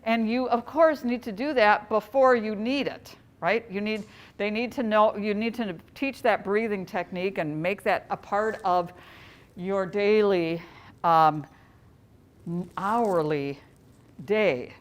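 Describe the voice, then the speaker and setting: A woman's voice: mid-range voice, slow. Chatty woman presenting a training workshop. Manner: conversational, chatty, jokes with the audience.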